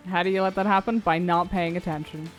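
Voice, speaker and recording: A woman's voice: fairly low pitch, steady tone, fast, faint music behind. A woman streaming a game, chatting casually and swearing freely between reading lines aloud.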